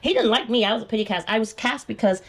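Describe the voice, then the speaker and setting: A woman's voice: a little high, fast, husky. A woman hosting a podcast in a casual chat, teasing her guest and prompting her with questions. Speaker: podcast host.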